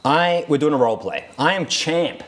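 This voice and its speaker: A man's voice: a little high, sing-song, normal speed. A man co-hosting a podcast in casual banter who laughs often. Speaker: podcast co-host. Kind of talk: casual chat.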